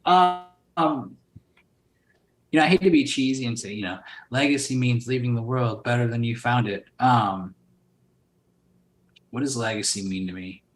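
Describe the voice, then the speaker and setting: A man's voice: medium pitch, a little slow, long pauses, reverberant. A man, a guest on a podcast, talking loosely and profanely with lots of fillers. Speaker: podcast guest, solar sales company owner. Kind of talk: casual podcast interview.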